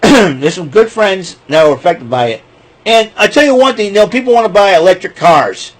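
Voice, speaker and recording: A vlogger with a high-pitched voice talks casually to camera at a normal speed, and the audio is poor. His monologue is rambling, excitable and jokey, with rants that end in him laughing at himself.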